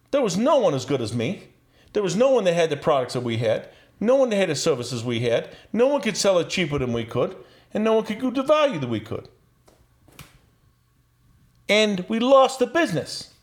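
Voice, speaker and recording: A man as a podcast guest, telling a story in an animated, profane way and laughing as he goes. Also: high voice, moderate pace. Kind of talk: casual storytelling.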